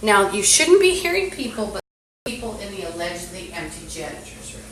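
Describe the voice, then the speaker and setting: A woman's voice: mid-range voice, sing-song, fairly quick, fairly bright tone, echoey room, rough recording. A woman on a phone live stream, talking in an agitated, rambling monologue full of profanity. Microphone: phone streaming app.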